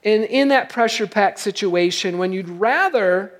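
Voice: medium pitch, moderate pace. Conversational pastor preaching a sermon. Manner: conversational, checks in with listeners; reads scripture aloud between comments.

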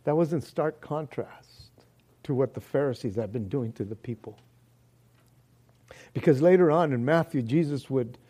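A man preaching a sermon, slow and earnest, often dropping to soft, hushed words. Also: mid-range voice. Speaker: pastor. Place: church hall.

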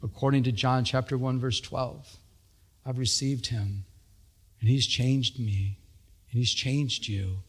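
A man's voice: fairly even intonation, slow, breathy edge. Earnest male pastor preaching. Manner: earnest preaching that rises in pitch for emphasis, with frequent repetitions. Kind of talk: sermon.

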